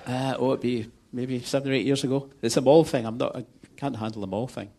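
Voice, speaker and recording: A man guest talking casually and hesitantly about his film, rambling with pauses and restarts. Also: mid-range voice, steady tone, vocal fry, warm tone. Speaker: guest filmmaker. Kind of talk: casual chat on a live show.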